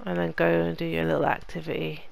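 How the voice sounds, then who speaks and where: A woman's voice: low-pitched, little pitch movement, fast talker, creaky, slight background noise. A woman hosting a let's play, chatting casually to the characters in her game as she plays. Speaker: gaming channel host.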